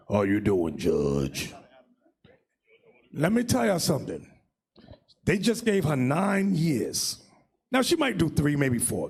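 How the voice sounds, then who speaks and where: A man leading a religious class as bishop, preaching in a loud, mocking, shouting manner. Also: sits high, gravelly, husky. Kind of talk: fiery religious teaching.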